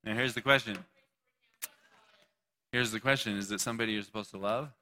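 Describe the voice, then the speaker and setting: Bright-voiced joking young preacher man. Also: fairly low pitch, fairly even intonation, brisk. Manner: casual, joking, talks to the audience. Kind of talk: sermon.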